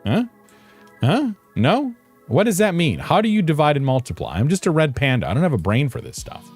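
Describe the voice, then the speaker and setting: A man's voice: fairly high pitch, big pitch swings, brisk, darkish tone, breathy edge, faint music behind. A man streaming a game, chatting casually with viewers in a playful, rambling, self-mocking way. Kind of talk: casual live-stream chat.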